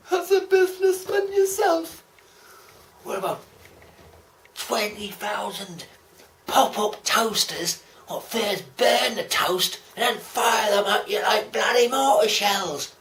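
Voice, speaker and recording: A man's voice: extremely high pitch, steady tone, slow, slight background noise, voice pushed up. A man voicing a sneering middle-aged male Australian club boss with an Australian accent, mocking and ranting in a strained, raised voice. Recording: roomy echo.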